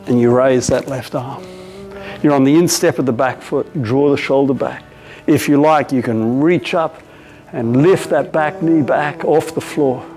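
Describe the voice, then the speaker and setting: A man with an Australian accent teaching a yoga class, giving calm step-by-step cues with casual asides. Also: mid-range voice. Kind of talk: guided yoga class instruction. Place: yoga studio.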